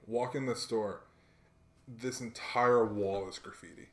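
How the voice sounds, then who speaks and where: A man's voice: medium pitch, brisk. A young man co-hosting a podcast, spinning slangy stories and putting on the voices of the people in them. His voice sits in the middle of the range for a man. The room around him is echoey. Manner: animated storyteller, slangy, acts out quotes. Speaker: podcast co-host. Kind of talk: casual chat, storytelling.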